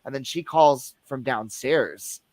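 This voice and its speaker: A man's voice: mid-range voice, slow, darkish tone. A man, a guest who works at a movie theater, chatting casually and telling stories with lots of fillers. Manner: rambling storyteller with many fillers. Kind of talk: casual podcast chat.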